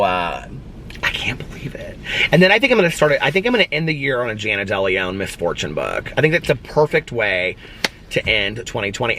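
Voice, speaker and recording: A man chatting casually to camera as a book vlogger, excitable and emotional, rambling with lots of fillers. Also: fairly low pitch, noisy background. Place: at home.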